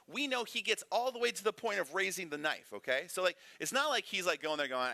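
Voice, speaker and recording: A man's voice: high-pitched, sing-song, brisk, hardly any pauses, bright, forceful tone, no room sound. A man teaching a casual Bible lesson in a church classroom, conversational and full of rhetorical questions. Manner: conversational, frequent rhetorical "right?".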